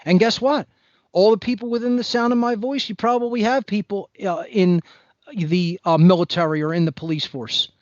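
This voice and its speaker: A man's voice: sits high, fairly even intonation, normal speed, dry recording, muffled recording. A man speaking as a podcast guest in an impassioned monologue, blunt, preachy and emphatic.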